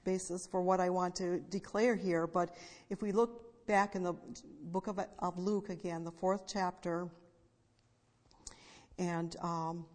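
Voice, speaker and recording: A woman with a fairly low voice teaches from scripture in a sermon, reading verses aloud and then explaining them in plain words. Her speech is recorded in a church hall with a long, lingering reverb. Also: steady tone, unhurried, darkish tone. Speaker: preacher.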